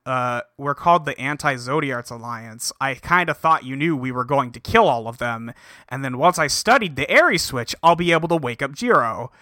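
A man voicing a calm, persuasive male mentor in a smooth, placating way. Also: medium pitch, moderate pace, no room sound, clean studio sound, voice pushed down.

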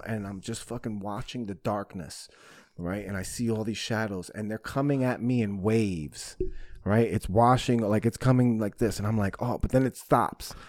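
A man's voice: fairly low pitch, darkish tone, dry recording. A man hosting a podcast, telling a personal story in frank, profane casual talk and acting out his own reactions. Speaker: podcast host.

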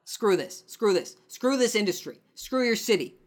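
A man's voice: high-pitched, lively intonation, moderate pace, voice pushed up. A man voicing a fed-up telecom company. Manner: exasperated, dismissive.

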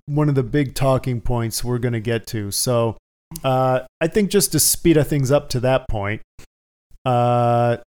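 A man hosting a casual podcast panel discussion, brisk and upbeat as he steers the talk along. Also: medium pitch, a little mellow. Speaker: podcast host.

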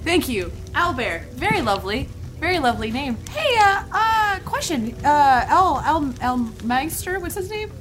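A woman's voice: high-pitched, very animated, a little slow, a bit bright, faint music behind, pitched above the performer's own voice, exaggerated voice. A woman playing a chatty, overly friendly young partygoer. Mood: curious.

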